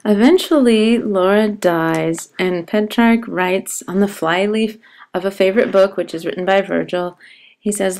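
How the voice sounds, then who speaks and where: A woman teaching poetry over slides, explaining terms and slowly reading poems aloud. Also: medium pitch, darkish tone. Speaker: literature teacher. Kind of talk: educational narration over slides.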